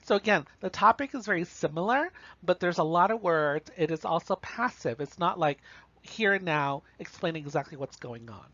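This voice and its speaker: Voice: medium pitch, animated, normal speed, a bit bright. A college instructor giving a recorded online lecture on writing, casually talking through examples and often checking in with "right?" and "you know". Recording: slightly dull, dry recording.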